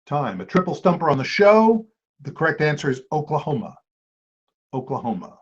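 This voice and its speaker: A man hosting a trivia quiz, reading clues aloud and repeating each one slowly. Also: on the high side, very animated, breathy edge. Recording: dull lo-fi amateur recording.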